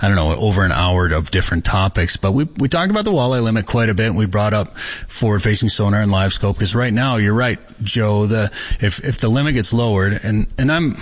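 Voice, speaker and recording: A tired, sleep-deprived man hosting a podcast in relaxed, rambling casual chat. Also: lowish voice, fairly quick. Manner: relaxed, rambling, self-correcting. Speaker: podcast host.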